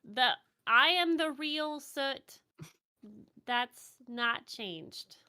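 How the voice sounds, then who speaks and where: A woman playing a tabletop game in character, speaking gently. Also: high-pitched, expressive, very slow. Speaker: player. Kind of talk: casual tabletop role-play.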